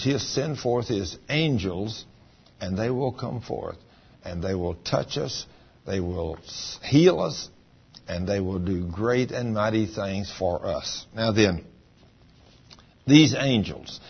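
A man preaching a sermon as a pastor, his voice swinging between loud, high bursts and low, quiet stretches. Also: slightly rough, dull audio. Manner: preaching with big swings in pitch and volume.

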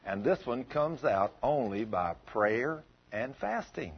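A man voicing a stern, commanding Jesus in a lowered, grave voice as part of a sermon. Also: expressive, takes it slowly, husky, heavily acted. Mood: calm, firm. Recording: dull lo-fi sound.

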